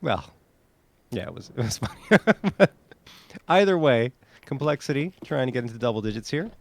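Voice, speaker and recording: Male color commentator, gravelly tone, measured analysis. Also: mid-range voice, sing-song. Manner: measured, analytical, laughs easily.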